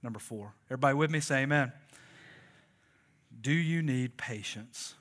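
A man's voice: medium pitch, moderate pace, a bit bright. A man preaching a sermon, conversational and joking and calling on the congregation to respond. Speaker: pastor.

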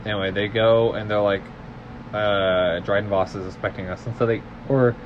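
A man's voice: on the low side, steady tone, normal speed, lo-fi sound, a little hiss or hum. A man co-hosting a podcast, casually recapping a film in a rambling way, full of fillers and quoted lines. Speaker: podcast co-host.

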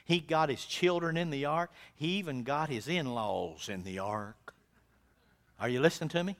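A high, bright male voice preaching from a church pulpit. He drops to near-whispers, then climbs to loud, fervent exhortation. His phrasing is folksy and plainspoken, and he often repeats himself to drive a point home. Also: animated, moderate pace. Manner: swings from hushed to loud, preaching with fervor. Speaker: pastor. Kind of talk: sermon. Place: church sanctuary.

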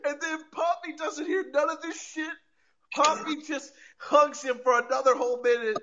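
High-voiced, animated man on a podcast. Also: moderate pace, muffled recording, a little hiss or hum. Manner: animated, profane, repeats words, laughs often. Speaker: podcast host. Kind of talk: casual wrestling recap chat.

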